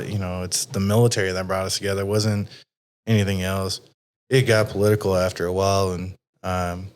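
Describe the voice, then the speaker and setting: Low, flat-voiced man chatting casually. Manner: rambling, frequently swearing, many fillers. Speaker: podcast host. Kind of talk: casual conversational chat.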